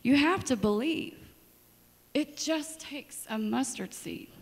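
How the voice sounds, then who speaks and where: A woman's voice: high-pitched, slow, slightly rough, long reverb tail. A woman preaching a sermon in a church, telling stories with dramatic asides. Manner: storytelling, lively and dramatic asides. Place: church sanctuary.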